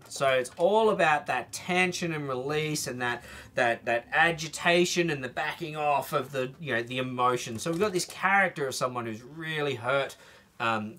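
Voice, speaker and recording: A man's voice: mid-range voice, pushed and bright. A man teaching a trumpet masterclass, explaining phrasing and singing short bits to demonstrate.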